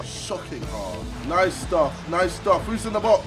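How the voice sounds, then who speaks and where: Young guy yelling and swearing at a match, voice jumps way high and all over, takes his time, music going behind. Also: big pitch swings, a little slow. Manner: loud, swearing trash talk, yelling at the game. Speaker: gaming channel host. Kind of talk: live gameplay commentary.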